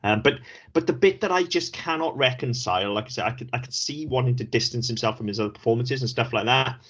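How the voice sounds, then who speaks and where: A man's voice: medium pitch, fast talker, fairly bright tone, husky. A man, co-hosting a podcast in casual chat, who is opinionated and emphatic and repeats words for stress. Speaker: podcast co-host. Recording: dull lo-fi podcast audio.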